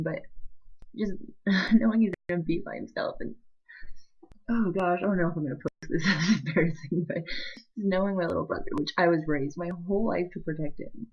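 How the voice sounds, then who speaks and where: A young woman talks to her camera in a low, husky voice, teary and emotional. She rambles and stops and starts, laughing through the tears. The sound is dull and lo-fi, like built-in camera audio. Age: young adult. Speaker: vlogger. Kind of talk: emotional vlog confession.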